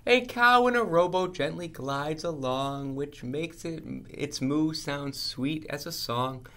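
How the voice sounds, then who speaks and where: A man reading a children's picture book aloud in a playful, animated way. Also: on the high side, slow, slight background noise. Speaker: storybook reader.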